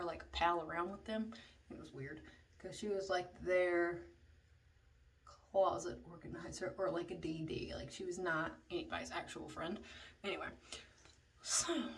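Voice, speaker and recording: A woman's voice: medium pitch, a bit bright. Profane chatty woman telling a story. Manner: chatty, profane, drops into whispers for asides. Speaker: vlogger. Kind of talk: casual storytime. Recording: slightly distant mic, faint noise.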